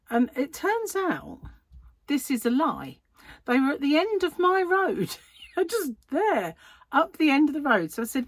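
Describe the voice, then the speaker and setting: A woman's voice: sits high, unhurried, long pauses, dry recording. A middle-aged English woman chatting in a casual vlog, retelling an annoying delivery story with exasperation. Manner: animated, exasperated retelling with laughs. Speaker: crochet vlogger.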